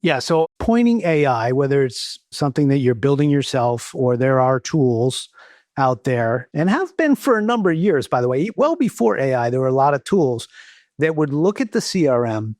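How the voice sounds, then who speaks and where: A man's voice: medium pitch, big pitch swings, moderate pace, darkish tone, dry recording, clean studio sound. Agreeable man explaining with enthusiasm. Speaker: podcast guest. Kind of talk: casual podcast chat.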